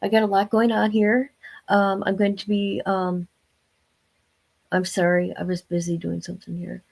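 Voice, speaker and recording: A woman's voice: medium pitch, fairly even intonation, moderate pace, creaky, darkish tone. Older lady chatting on her livestream, rambly, just talking to the viewers. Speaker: livestream host. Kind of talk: casual livestream chat.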